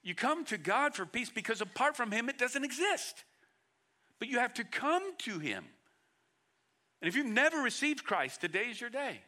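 Bright, forceful male preacher. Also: big pitch swings, normal speed. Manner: earnest, swings from loud emphasis to hushed lows; frequent repeated words and restarts. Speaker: pastor. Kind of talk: sermon.

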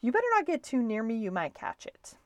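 A woman's voice: a little high, wildly swooping pitch, brisk, no echo. A woman voicing an earnest, brave little boy mouse who is sick, reading a storybook aloud. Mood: earnest, caring. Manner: earnest, sometimes stern or whispering. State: hoarse with bronchitis, as acted.

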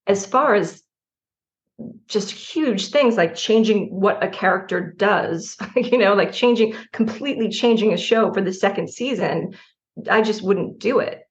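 Gravelly-voiced middle-aged woman, laughing often. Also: mid-range voice, dull audio. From New Jersey. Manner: animated, laughs often, restarts sentences. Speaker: writer guest. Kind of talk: candid interview conversation.

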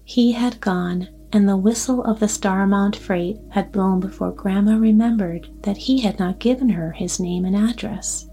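A woman tells a soothing bedtime story in a soft, slow, calm voice. Her tone is mellow at a middle pitch, with faint music underneath. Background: soft background music.

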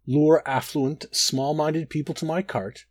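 A man reading a dark first-person fantasy story aloud, brooding and expressive with dramatic rises and drops. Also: on the high side, a little slow, no echo. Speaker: narrator.

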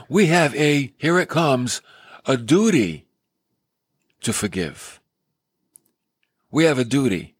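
Guy preaching, kinda husky, voice jumps all over, dry close sound. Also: mid-range voice, no room sound. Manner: animated storytelling, acting out the characters. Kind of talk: sermon.

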